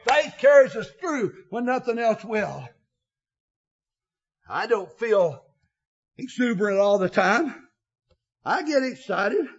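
An older man preaching an emotional sermon, often shouting, with a filler 'uh' between phrases. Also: high voice, big pitch swings, slow pace, pauses often, slightly rough, dull audio.

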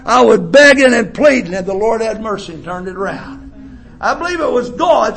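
Fiery male preacher, very high voice with a gravelly, husky edge, shouts then drops low. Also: animated. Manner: impassioned, swings between shouting and low murmuring; reads scripture in a slow, drawn-out cadence. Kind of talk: revival sermon.

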